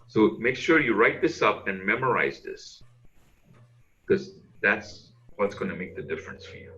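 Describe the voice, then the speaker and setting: A man's voice: on the low side, sing-song, normal speed, pushed and bright, lo-fi sound. A man coaching on a video call as a speaker trainer, emphatic and repeating words to push his points.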